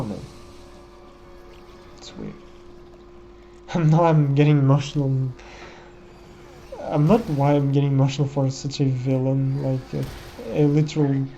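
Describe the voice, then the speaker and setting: Slow, mellow-voiced man musing over gameplay. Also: medium pitch, muffled recording, slight background noise. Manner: reflective, musing, often says "you know". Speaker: gameplay commentator. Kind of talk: casual gameplay commentary.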